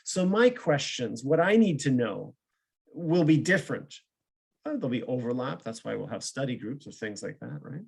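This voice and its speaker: A man's voice: mid-range voice, sing-song, normal speed, vocal fry, breathy edge. A man, a psychologist and professor, giving a conversational online seminar over a video call, explaining with examples and often checking in with "right?". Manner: explains with examples, ends points with questioning "right?".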